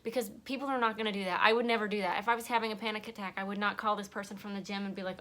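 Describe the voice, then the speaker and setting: A woman's voice: mid-range voice, steady tone, rapid-fire, hardly any pauses, bright, forceful tone. Tearful woman talking earnestly. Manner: earnest, rambling, emotional. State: crying. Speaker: vlogger and podcast host. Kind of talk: heartfelt personal monologue.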